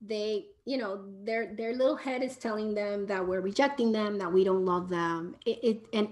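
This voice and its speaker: A woman who is a parenting educator, explaining in a live question-and-answer talk and often checking in with "right?", sometimes in a soft, soothing tone. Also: medium pitch, steady tone, moderate pace, few pauses.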